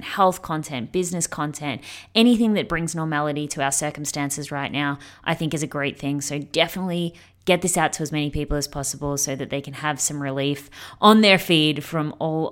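A woman hosting a podcast interview, chatting in a bubbly, enthusiastic way. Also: sits low. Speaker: podcast host. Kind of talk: casual interview chat.

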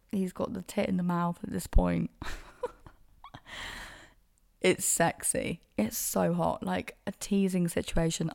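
Woman podcast host, young, low voice with lots of fry, frank and sweary storytelling. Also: a little mellow. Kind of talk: casual solo storytelling.

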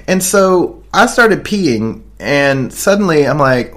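A man's voice: fairly high pitch, very animated, slow pace, fairly bright tone. A man with an Australian accent co-hosting a podcast, telling a crude story in a rambling way and laughing at his own jokes. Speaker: podcast co-host. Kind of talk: casual chat. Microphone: desk microphone.

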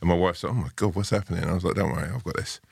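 A man with a very low, gravelly voice tells a long, rambling story. He keeps restarting and filling his sentences with "like" and "you know". The sound is dry and close. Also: very fast, no room sound. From family from Ireland. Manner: rambling anecdotes, many restarts and fillers. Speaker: guest. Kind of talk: casual chat, storytelling.

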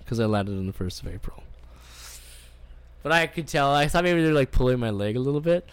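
A man's voice: on the high side, very animated, moderate pace, pauses often, slight background noise. A man from Canada telling a rambling travel story on a podcast, swearing a lot and acting out what people said. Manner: rambling, profane, acts out quoted voices. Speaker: podcast co-host. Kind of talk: casual storytelling chat.

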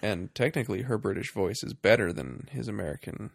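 A man riffs through a casual movie podcast with a wry, jokey manner. His voice has a gravelly edge. The sound is dry and close, with no room around it. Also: fairly low pitch, fairly quick, no room sound. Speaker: podcast host.

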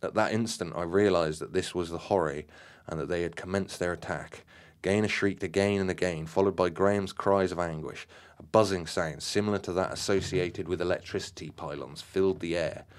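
A man with a deep, low voice reads a personal story aloud at a measured pace. He sometimes stumbles and restarts a word, which gives the reading a loose, unpolished feel. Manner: measured, slightly halting reading.

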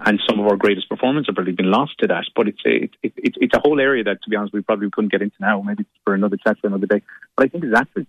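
A man's voice: lowish voice, slightly rough, dry recording. A man with an Irish accent, an actor, talking on a radio show in a thoughtful, rambling way. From Ireland. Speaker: actor guest. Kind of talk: radio interview. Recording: muffled lo-fi line.

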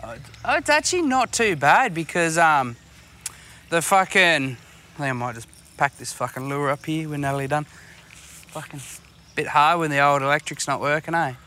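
An Australian man with a bright, cutting voice spins casual, swear-heavy stories for a podcast. He rambles and laughs as he talks, and faint outdoor and engine noise sits under the voice. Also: a little high, lively intonation, normal speed. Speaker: podcast co-host. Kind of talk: casual chat. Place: outdoors on a fishing boat.

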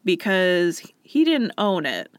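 A woman co-hosting a casual chat, recounting facts in a relaxed, wry way. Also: fairly low pitch, slow pace, clear, resonant tone, no room sound.

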